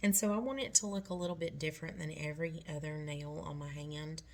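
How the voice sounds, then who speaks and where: A woman's voice: sits low, steady tone, a little fast, darkish tone, a little hiss or hum. A middle-aged woman talking through a nail tutorial step by step, chatty and reassuring.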